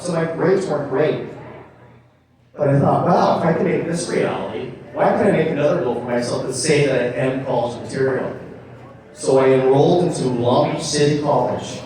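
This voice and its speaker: A man's voice: medium pitch, a little fast, a little mellow. A man giving an earnest motivational speech about his own life at a club meeting, acting out his younger self. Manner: earnest storytelling, acts out his own past voice. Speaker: guest speaker. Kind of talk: motivational personal story. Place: meeting room. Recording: very echoey room from a distant mic.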